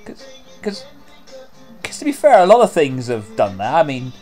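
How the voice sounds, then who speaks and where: A man's voice: mid-range voice, huge pitch swings, moderate pace, warm tone, soft background music. A man giving casual, sarcastic commentary over a video, rambling with lots of filler words. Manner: sarcastic and rambling, many "like" and "you know".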